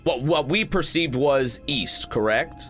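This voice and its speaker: A man's voice: mid-range voice, lively intonation, measured pace, fairly bright tone, soft background music. A man who hosts the channel, playing in a tabletop game and chatting casually, rambling and breaking into laughter. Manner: rambling, laughing, stops and restarts. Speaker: player and channel host.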